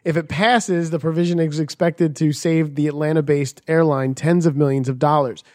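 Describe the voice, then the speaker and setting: A man's voice: a little high, steady tone, moderate pace, darkish tone, no room sound, clean studio sound. Profane joking man reading headlines. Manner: profane, jokey, reads headlines then riffs. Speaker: podcast co-host. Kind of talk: casual crude banter reading news.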